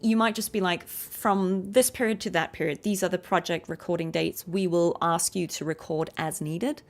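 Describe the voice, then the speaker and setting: Gravelly woman giving earnest advice. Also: on the low side, steady tone, moderate pace. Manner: earnest, advice-giving, frequent ums and small laughs. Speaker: voice actor and streamer. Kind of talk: casual chat while gaming.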